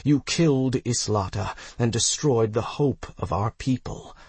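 Gasping wounded elf woman, as a male narrator puts her on, slow and husky. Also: mid-range voice, a little mellow, no echo. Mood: grieving. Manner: gasping, whispered. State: wounded, weak. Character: wounded, bleeding elven woman, fading.

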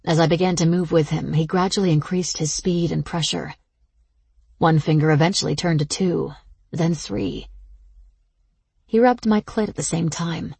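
A woman narrating an audiobook in the first person, slow and intimate, with a low, very breathy voice and a gravelly edge. The sound is close and dry. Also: a little mellow, no room sound.

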